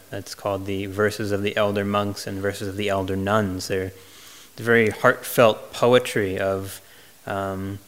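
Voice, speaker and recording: A man who is a Buddhist monk, answering retreat questions in a gentle, reflective way, with frequent pauses and restarts. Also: on the low side. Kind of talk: retreat Q&A talk.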